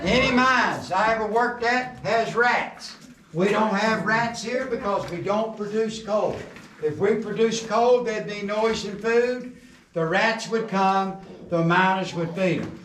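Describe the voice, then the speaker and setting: Folksy mine tour guide. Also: male voice, high voice, measured pace, a bit bright. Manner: folksy joking storyteller. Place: underground mine tunnel. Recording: roomy echo, distant camera, background noise.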